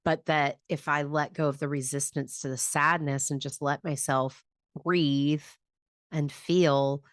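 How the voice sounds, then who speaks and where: A woman hosts a podcast in a low voice with a gravelly, fry-laden texture. She explains things in a calm, reflective way. The sound is dry and close to the mic. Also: dry recording. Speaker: podcast host and grief teacher. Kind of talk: conversational podcast teaching.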